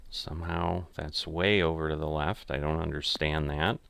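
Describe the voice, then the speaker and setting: A man's voice: rumbling low, fairly even intonation, normal speed, creaky, a bit bright, slight background noise. An older man muttering casual, self-critical commentary as he plays a golf game. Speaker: gamer playing a golf simulator.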